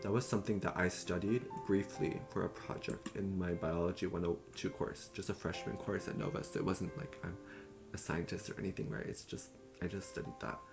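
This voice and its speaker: Low-voiced man summarizing a book. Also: a little fast. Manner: loose and chatty, with fillers and self-corrections. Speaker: book reviewer. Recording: clear music playing behind.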